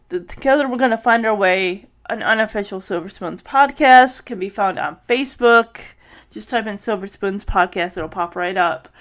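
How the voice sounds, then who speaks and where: A woman's voice: medium pitch, a bit bright. Rambling woman podcast host. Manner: rambling, thinks aloud with many restarts. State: tired, yawning. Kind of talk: casual solo podcast chat.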